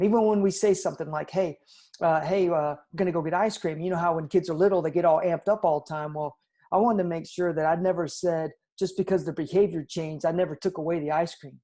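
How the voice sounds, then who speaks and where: A man in his forties, a father being interviewed, speaking earnestly and reflectively, often trailing off quietly. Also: fairly high pitch. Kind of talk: candid interview storytelling.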